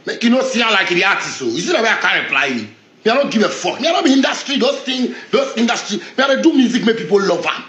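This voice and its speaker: In a viral video, a street figure speaking Ghanaian Pidgin English unleashes a heated, defiant, confrontational rant, circling back to the same phrases. His high, sharp, sing-song voice swings wildly up and down as he talks fast in an echoey room with slight background noise.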